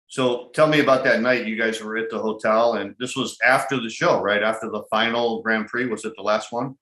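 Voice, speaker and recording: A man's voice: lowish voice, steady tone, a little fast, sharp tone, echoey room, poor audio. A man hosting a podcast, asking follow-up questions and cutting in briefly to clarify. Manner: short affirmations, interjects follow-up questions. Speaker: podcast host, interviewer. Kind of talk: interview questions.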